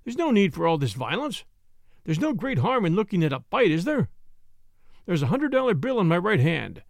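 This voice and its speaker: A man's voice: high-pitched, big pitch swings, moderate pace, creaky, no room sound, studio quality, full character voice. A man voicing a desperate, cornered male murderer who pleads breathlessly in a panic. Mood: pleading. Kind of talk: audiobook character voice.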